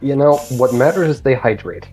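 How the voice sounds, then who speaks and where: A man's voice: mid-range voice, expressive, normal speed, mellow, faint music behind. A man playing in a tabletop game, chatting casually on a stream and rambling as he corrects himself. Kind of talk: casual chat on a live stream.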